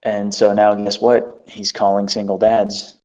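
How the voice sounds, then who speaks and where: A man's voice: fairly low pitch, completely flat delivery, measured pace, dark tone. A man hosting a casual chat, telling an exasperated, profane story. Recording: dull lo-fi recording.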